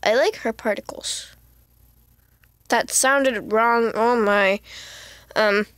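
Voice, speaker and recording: A woman streaming a video game, chatting to herself in a giggly way and breaking into excited squeals. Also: fairly high pitch, takes it slowly, no room sound. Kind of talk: casual let's-play commentary.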